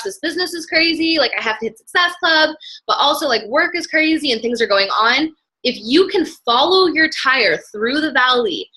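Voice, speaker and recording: A young woman giving an energetic motivational talk as a business coach, acting out inner voices and swinging between loud and soft. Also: a little high, rough recording.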